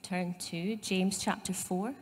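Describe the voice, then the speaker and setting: A woman's voice: lowish voice, steady tone, slow pace, breathy edge, long reverb tail. A woman pastor with a Scottish accent giving a conversational sermon, with asides to her congregation. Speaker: site pastor. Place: church.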